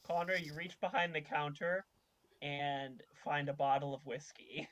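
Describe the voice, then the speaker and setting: A man as game master, narrating a tabletop game in a deadpan way. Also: a little high, measured pace, rough recording.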